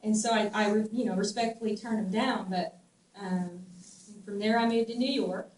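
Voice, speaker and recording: A middle-aged woman with a Southern US twang, telling stories in a casual, animated way, laughing often and restarting her sentences. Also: mid-range voice, normal speed. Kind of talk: casual storytelling. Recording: echoey room, distant mic, faint ambient noise.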